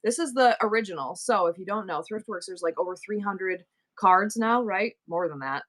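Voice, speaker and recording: A woman's voice: mid-range voice, moderate pace. Playful new york lady selling stuff on a live stream, chatting to viewers. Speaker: livestream seller.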